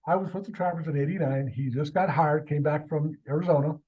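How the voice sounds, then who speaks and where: A man, a high school athletic director, telling stories as a guest in a casual interview and acting out the people in them. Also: fairly quick, slightly rough, narrow, tinny audio. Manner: animated, acts out the people in his stories.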